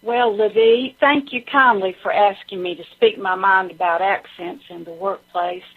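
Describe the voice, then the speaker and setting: A woman's voice: mid-range voice, fairly even intonation, normal speed. Folksy Southern woman on a phone line. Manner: folksy, drawling, full of Southern sayings. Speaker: guest.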